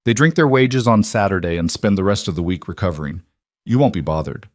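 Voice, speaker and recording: A man doing a gravelly, blunt older saloon woman. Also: sits low, a little fast, dry recording, studio quality. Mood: gruff kind. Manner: blunt, flat-spoken. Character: weathered older woman saloon owner, gruff. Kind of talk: audiobook character voice.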